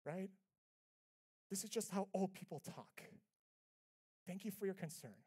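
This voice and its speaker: A man preaching a sermon as pastor, telling a personal story with earnest, conversational delivery, swinging between soft and loud passages. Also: sits high, slow pace, pauses often, breathy edge. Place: church sanctuary.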